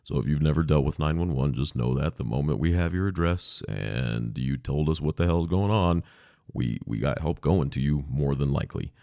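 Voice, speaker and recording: A man's voice: extremely low pitch, expressive, normal speed, vocal fry, warm tone, no room sound, clean studio sound. A man hosting a podcast, telling stories about past emergency calls in a casual, blunt way with some swearing. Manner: blunt, profane, laid-back. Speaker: podcast host, former emergency dispatcher. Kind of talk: casual anecdotal storytelling. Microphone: podcast microphone.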